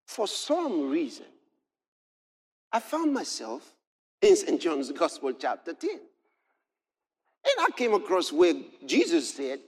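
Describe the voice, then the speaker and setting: A man preaching a sermon. He moves from quiet storytelling to shouted exhortation and quotes scripture in old-fashioned wording. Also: fairly high pitch, wildly swooping pitch, takes it slowly, pauses often.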